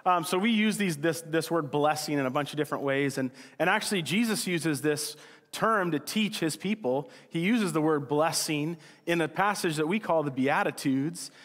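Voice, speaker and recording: A male pastor giving a casual, joking sermon, with quick acted-out asides. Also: on the high side, fairly bright tone. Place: church hall. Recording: church hall with long reverb.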